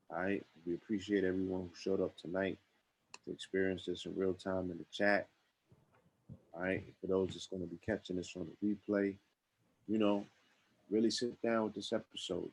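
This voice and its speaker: Deep man's voice, husky, flat delivery, laid-back podcast host, slangy. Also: rough recording. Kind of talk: casual live-stream chat.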